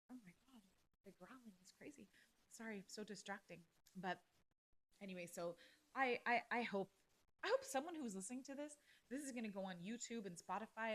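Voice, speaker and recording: A woman's voice: medium pitch, fairly bright tone. A woman hosting a casual solo podcast, ranting bluntly and heatedly with plenty of swearing. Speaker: podcast host.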